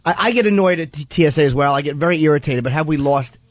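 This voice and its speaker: A man's voice: fairly high pitch, racing, no echo. A man hosting a talk radio show, arguing back in a hesitant way on a studio mic. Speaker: radio host.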